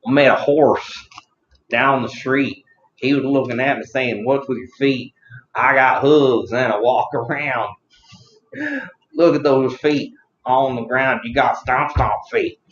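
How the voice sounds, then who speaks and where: A man's voice: a little high, expressive, brisk, hardly any pauses, a little hiss or hum, voice pushed up, natural voice. A man putting on a country drawl to improvise a clumsy rap, in a roomy, slightly dull recording. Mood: goofy.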